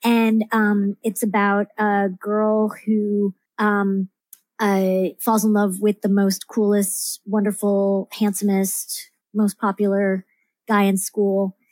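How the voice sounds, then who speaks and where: A woman's voice: mid-range voice, monotone, slow pace, darkish tone, no echo. A woman talking as a podcast guest about her writing, rambling with lots of fillers and restarts. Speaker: guest, comics writer. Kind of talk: casual podcast interview.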